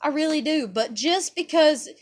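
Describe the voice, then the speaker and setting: A woman's voice: high-pitched, expressive, moderate pace. A young woman from the United States ranting to camera in a profane, exasperated, emphatic way. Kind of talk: angry personal rant to camera.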